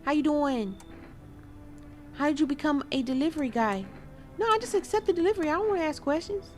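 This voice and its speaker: A woman giving casual gameplay commentary, animated and chatting straight to her viewers with quick exclamations. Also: sits high, faint music behind. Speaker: gaming video creator.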